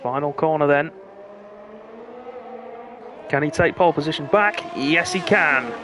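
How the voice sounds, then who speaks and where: A man commentating live on an online racing stream, calling the action in a brisk play-by-play manner. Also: on the high side, background noise. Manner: brisk play-by-play, rising excitement at close finishes. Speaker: lead commentator.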